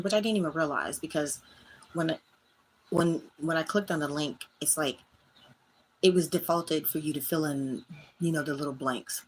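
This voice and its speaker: Her voice sits low, with a bit of hiss or hum in the audio. She's hosting her own livestream from a small home room, talking straight to her chat and openly venting.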